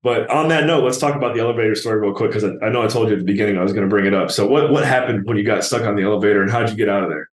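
A man's voice: fairly low pitch, very fast, hardly any pauses, echoey room. A man hosting a casual interview in a friendly manner, laughing easily. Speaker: podcast host.

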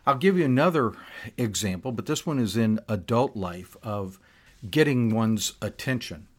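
An older man hosting a podcast, telling personal stories in a relaxed, conversational way with frequent restarts and asides. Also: medium pitch, moderate pace. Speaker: podcast host. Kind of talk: casual personal storytelling.

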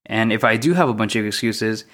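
A young man hosting a solo podcast, talking through his thoughts in a mostly monotone, reflective way, often repeating questions. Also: fairly low pitch, brisk. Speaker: podcast host.

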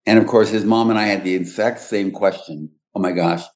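A man's voice: fairly low pitch, fairly even intonation, fairly quick, a little mellow. An older man hosting a podcast, telling stories in a chatty way and laughing often. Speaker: podcast host. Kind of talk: casual chat.

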